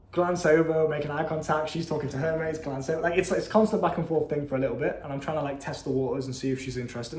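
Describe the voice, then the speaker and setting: A young man telling a story casually, animated, slangy and profane. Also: on the high side. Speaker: vlogger. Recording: echoey room.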